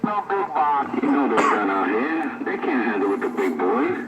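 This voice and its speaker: A man's voice: medium pitch, big pitch swings, moderate pace. Man on a static-heavy CB radio. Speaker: CB radio operator. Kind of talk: casual CB radio chat. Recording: loud static over CB radio.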